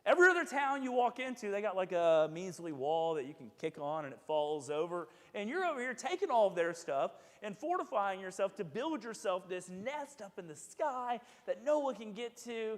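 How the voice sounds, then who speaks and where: A man preaching a casual sermon as pastor, chatty and joking, acting out quoted voices. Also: sits high. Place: church sanctuary. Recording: echoey church sanctuary with long reverb.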